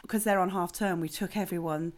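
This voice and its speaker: A woman's voice: lowish voice, steady tone, fairly quick. A sleep-deprived woman co-hosting a podcast, chatting in a rambling, giggly way. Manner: rambling, giggly, loses her thread. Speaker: podcast co-host. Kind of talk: casual chat.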